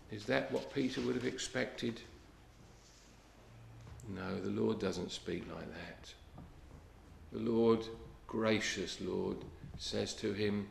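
A man preaching a sermon in an earnest, unhurried way, often dropping to a soft hush. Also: fairly low pitch, creaky. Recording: echoey room.

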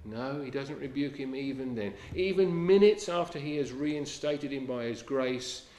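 A man preaching a sermon in an earnest manner. He quotes scripture in old-fashioned English and drops to a hush on key lines. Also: mid-range voice, lively intonation, moderate pace, roomy sound.

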